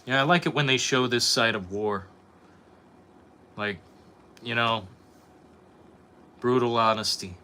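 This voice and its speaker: Speaking slowly with long pauses, this young man streams and chats with his viewers in a rambling, profane way, responding to chat. His medium-pitched voice is pushed and bright with a clean tone.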